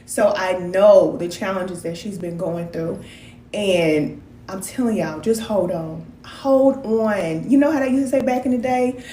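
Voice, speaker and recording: A spiritual wellness practitioner talks to her live stream viewers, whom she calls cousins, in an animated, folksy style. Her pitch is medium, her pace normal, and the room is echoey.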